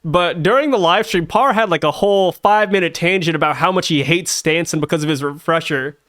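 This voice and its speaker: A man's voice: fairly high pitch, fairly quick, fairly bright tone. A young man co-hosting a casual podcast, laid-back and teasing as he recaps. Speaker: podcast co-host. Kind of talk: casual chat.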